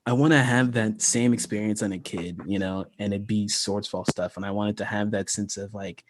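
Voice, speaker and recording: A man's voice: on the low side, normal speed. An American man chatting casually on a livestream, rambling with lots of "like" and frequent laughs. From United States. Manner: relaxed and rambling, many "like"s, laughs often. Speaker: creator talking about his fantasy world.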